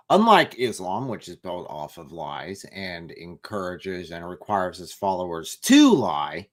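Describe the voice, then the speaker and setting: Deep-voiced man, slow and lively. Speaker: guest commentator. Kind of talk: livestream discussion.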